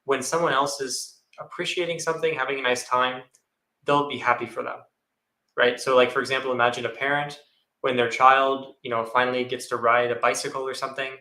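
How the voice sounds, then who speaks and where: A man's voice: medium pitch, flat delivery, a little fast, sharp tone, echoey room, rough recording. A male monastic on a panel, answering a question thoughtfully and acting out little inner voices as examples. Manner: thoughtful, repeats phrases, acts out inner voices. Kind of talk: dharma talk answering a question.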